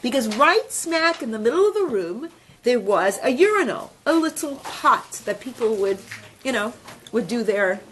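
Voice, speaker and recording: Animated woman teacher, high lively voice. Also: normal speed, slight background noise. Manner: animated, chatty, many fillers. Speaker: rebbetzin teaching a women's class. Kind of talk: storytelling lesson.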